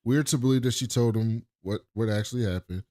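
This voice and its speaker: A man's voice: medium pitch, brisk, no room sound, clean studio sound. A man co-hosting a casual podcast, recapping a TV episode and acting out the characters' lines with lots of swearing. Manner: animated retelling, acts out characters' lines with profanity. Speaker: podcast co-host.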